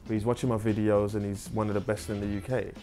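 A man's voice: lowish voice, little pitch movement, fast, dark tone, faint music behind. A man speaking as an interview guest, telling candid stories in a frank, profane way and often tagging remarks with "right?". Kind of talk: candid conversational storytelling.

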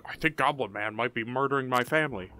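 A man's voice: mid-range voice, fast talker, background noise. A young man giving goofy, jumpy commentary while playing a horror game, muttering to himself and then yelping. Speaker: gaming YouTuber.

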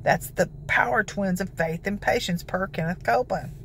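A woman with a gravelly voice giving devotional teaching and prayer, citing scripture and breaking into exclamations. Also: medium pitch, normal speed, fairly bright tone, slight background noise. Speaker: prophetic ministry host.

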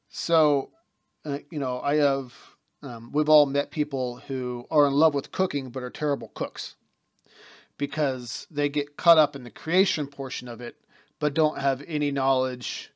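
A man's voice: mid-range voice, measured pace. A man giving a spoken lecture as teacher of a mystery school, explaining ideas through everyday examples and talking in fits and starts.

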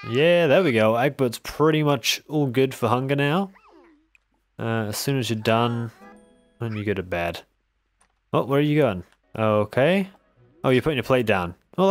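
Man, mid pitch, chatty let's-play host who teases his characters, dry close sound. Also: no echo. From West Country, England. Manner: chatty, teasing, talks to game characters. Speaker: gaming video host. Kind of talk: casual gameplay commentary.

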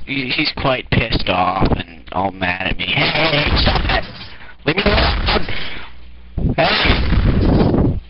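A man hosting improvised, goofy game commentary, rambling along and breaking into shrieky outbursts with mild swearing. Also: lowish voice. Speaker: host and player. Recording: muffled lo-fi mic with faint hiss.

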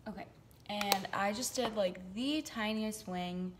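A woman's voice: medium pitch, takes it slowly, music in the background. A young adult woman chatting casually through a makeup tutorial, with goofy joking asides. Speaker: beauty vlogger.

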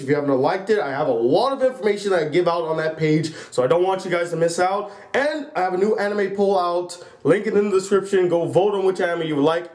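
High-voiced guy doing a reaction vid, laughing a lot, echoey room. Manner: animated, laughs often. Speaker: YouTube reaction host. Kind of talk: casual reaction commentary.

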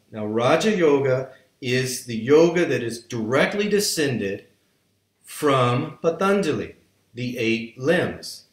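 A man's voice: medium pitch, echoey room. A man teaching yoga history in a lecture, telling it as a story and acting out people's reactions.

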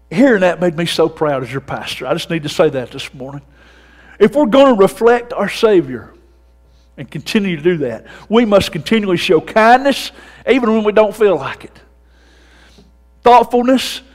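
A high-pitched Southern man preaching to his congregation in a folksy, storytelling way, his voice ringing out loud, then dropping to soft asides. The sound carries a long church-hall reverb. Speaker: pastor. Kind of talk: sermon. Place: church sanctuary.

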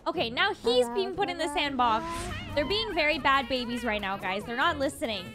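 A woman's voice: high voice, animated, fairly quick. A woman hosting a reaction video, gasping, laughing and exclaiming as she comments. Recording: loud music over the voice.

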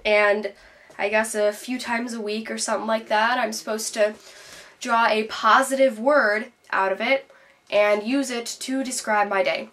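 A woman's voice: on the high side, steady tone, unhurried, a bit bright, distant mic. A woman playing a bitter, depressed teenage girl who vents sarcastically in a scripted video-diary monologue. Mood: sardonic. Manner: sarcastic, exasperated storytelling.

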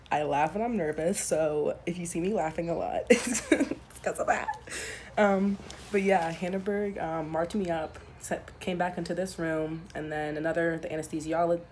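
A young woman with a slightly low voice vlogs straight into her phone. She rambles candidly and swears freely. Faint noise hums under her voice. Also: moderate pace. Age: young adult. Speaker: vlogger. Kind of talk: casual handheld vlog to camera. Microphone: handheld phone camera.

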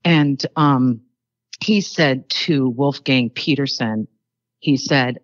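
An older actress chatting as an interview guest, telling rambling anecdotes full of fillers. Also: female voice, extremely low pitch, slow, no room sound, highs cut off. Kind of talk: casual interview storytelling.

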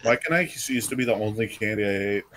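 A man bickering excitably with friends while playing a game. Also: on the low side, fast, slight background noise. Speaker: gaming friend. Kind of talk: casual gaming banter.

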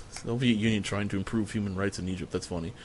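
A man streaming a strategy game, giving casual, profane, sardonic commentary as he thinks out loud. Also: fairly low pitch, steady tone, fairly quick, a little hiss or hum.

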